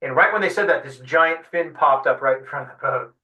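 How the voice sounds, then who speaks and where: Animated man telling a fishing story, echoey. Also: on the high side, a little fast, muffled recording. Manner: animated storyteller acting out voices. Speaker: guest fly-fishing guide. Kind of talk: storytelling in an interview. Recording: roomy sound, mic at a distance.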